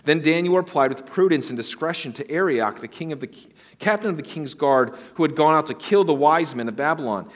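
A man preaching a sermon, reading scripture aloud and explaining it with lively, conversational asides, his voice swinging from quiet low stresses to high emphatic peaks.

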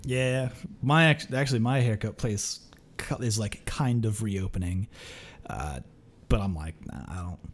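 A man's voice: fairly low pitch, unhurried. Laid-back man, casual swearing. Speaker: podcast host and commentator. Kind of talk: casual podcast chat.

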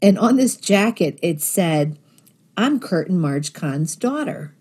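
Husky-voiced woman telling a faith story. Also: fairly low pitch, animated, slow pace, a little mellow. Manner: earnest storytelling, voicing quoted thoughts. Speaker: guest sharing testimony. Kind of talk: personal faith testimony.

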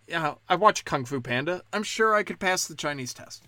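A man's voice: fairly high pitch, lively intonation, a little fast, sharp tone, no room sound. A man hosting a podcast, talking in a loose, rambling, sarcastic way and swearing often. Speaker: podcast host. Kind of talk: casual rambling monologue.

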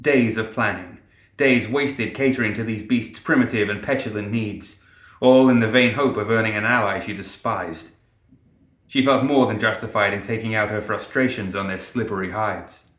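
Male narrator, steady dramatic storytelling, low pitch, echoey room. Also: normal speed. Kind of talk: scripted narration.

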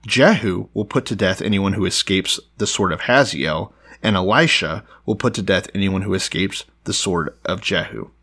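A man's voice: low voice, normal speed, hardly any pauses, a bit bright, slightly rough. A man co-hosting a casual, irreverent Bible podcast, joking and swearing, and reading scripture passages aloud. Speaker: podcast co-host.

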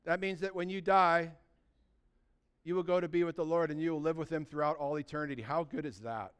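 A man preaches to his congregation with a voice that sits high for a man and rings smooth and clear. He tells stories with real emphasis and drives his points home through repetition. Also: steady tone, a little fast, a bit bright. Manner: storytelling, emphatic with repeated phrases. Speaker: pastor. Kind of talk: sermon.

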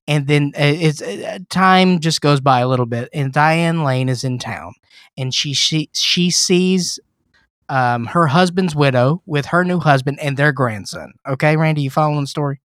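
A man with a slightly higher voice than most men, telling a movie plot as a joking podcast rant. He is sarcastic and profane, and he acts out scenes with animated energy. The recording is dry and close, with no room sound. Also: dry recording. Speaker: podcast co-host reviewing films. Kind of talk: casual comedic movie recap.

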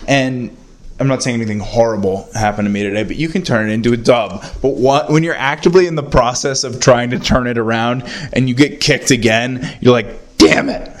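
A young man hosting his own podcast, rambling and self-mocking as he talks into a handheld voice recorder indoors at a friend's house. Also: mid-range voice. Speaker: podcast host. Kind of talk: casual solo podcast rant.

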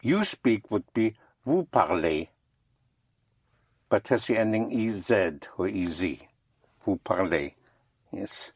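A French teacher giving a slow, patient one-on-one lesson and spelling words out letter by letter. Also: deep voice, very animated, husky, no room sound, studio quality.

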